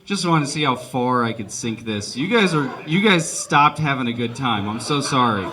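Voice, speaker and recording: A man's voice: mid-range voice, expressive, normal speed, sharp tone. A young man doing live stand-up, rambling and self-deprecating and laughing at his own jokes. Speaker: stand-up comedian.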